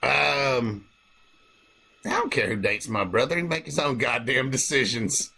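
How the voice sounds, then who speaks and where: A man hosting a casual comedy podcast, telling profane, animated stories. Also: medium pitch, measured pace, vocal fry, very noisy. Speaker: podcast host.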